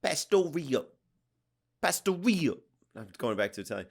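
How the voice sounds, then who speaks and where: A man's voice: fairly low pitch, flat delivery, very fast, vocal fry, voice pushed down. A man voicing an over-the-top Australian outback guide in a comic reading, dropping "crikey" mid-sentence. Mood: hammy.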